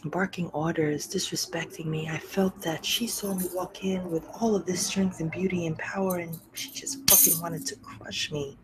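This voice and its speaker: A middle-aged woman hosting a podcast, telling a personal story candidly and emotionally, often sinking to a soft, breathy near-whisper. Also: fairly low pitch, fairly even intonation, moderate pace, hardly any pauses, background noise. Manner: repeats phrases for emphasis, swears freely. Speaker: podcast host.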